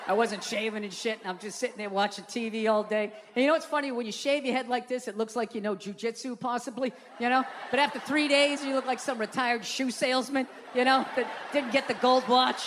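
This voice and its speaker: A man's voice: extremely high pitch, a little fast, hardly any pauses, a bit bright, in a large hall, a little hiss or hum. A man in his fifties telling a blunt, profane story as a guest, acting out voices along the way. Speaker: comedian guest.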